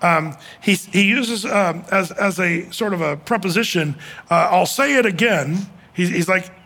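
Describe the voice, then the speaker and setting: A man's voice: high voice, measured pace, sharp tone. A man giving a casual Bible teaching as a pastor, chatty and emphatic, with frequent fillers and restarts.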